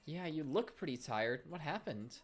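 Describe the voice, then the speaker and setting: A woman's voice: sits low, lively intonation, moderate pace, soft background music. A woman reading out the lines of an ordinary, mild-mannered teenage boy in a video game, in a plain, mildly puzzled way.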